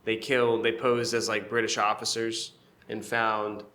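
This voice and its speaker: A man's voice: fairly low pitch, flat delivery, unhurried, bright, forceful tone. A man co-hosting a podcast, chiming in casually with hesitant, rambling questions and restarts. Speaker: podcast co-host. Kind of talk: casual chat.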